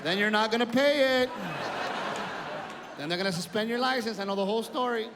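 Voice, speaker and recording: Profane man doing stand-up, high voice. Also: a little fast, background noise. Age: adult, older than in youth. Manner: profane, storytelling. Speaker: stand-up comedian. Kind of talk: stand-up comedy. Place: live comedy stage. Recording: live club, reverb and crowd.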